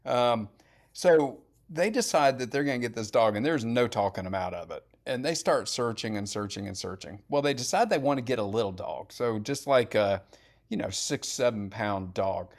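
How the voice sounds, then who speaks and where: A middle-aged man telling animated, blunt and profane stories in casual podcast chat. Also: mid-range voice, moderate pace.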